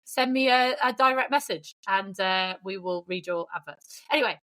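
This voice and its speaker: A woman co-hosting a podcast, chatting in a teasing, brisk and direct way. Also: medium pitch, fairly bright tone. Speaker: podcast co-host. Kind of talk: casual chat.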